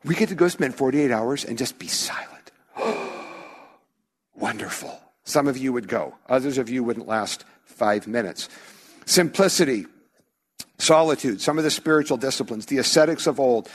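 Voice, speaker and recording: A man's voice: medium pitch, moderate pace. A male pastor preaching a sermon in a church, talking conversationally and acting out little quoted voices of his listeners. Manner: conversational, animated with acted-out quotes.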